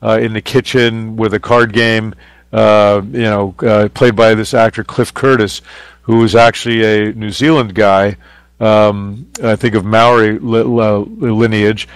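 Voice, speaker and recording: A man's voice: fairly low pitch, level tone, measured pace, smooth, dry recording. A man, a photographer guest on a radio show, telling anecdotes in a loose, rambling way with many fillers. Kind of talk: casual interview storytelling. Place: radio studio.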